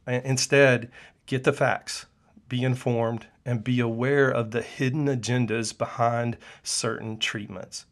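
A man's voice: medium pitch, fairly even intonation, a little slow. A middle-aged man, a clinician hosting his own show, speaking in an earnest, preachy personal monologue with frequent "uh" fillers. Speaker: podcast host and functional medicine clinician.

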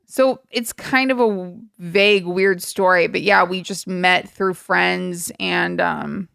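A woman's voice: lowish voice, takes it slowly, vocal fry, fairly bright tone, clean tone. A young woman chatting on a podcast, wry and self-mocking as she tells her stories with dramatic flair. The sound is close and dry, with no room echo. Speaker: podcast co-host. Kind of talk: casual chat.

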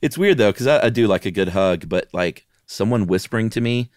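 A man co-hosting a podcast, chatting casually in a relaxed, jokey way. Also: lowish voice, fairly quick, no echo, clean studio sound. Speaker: podcast co-host. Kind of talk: casual chat.

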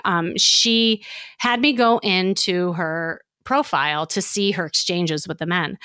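A middle-aged woman, a dating coach, giving casual advice in an animated, upbeat way, chatty and full of fillers. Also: fairly low pitch, no room sound, clean studio sound.

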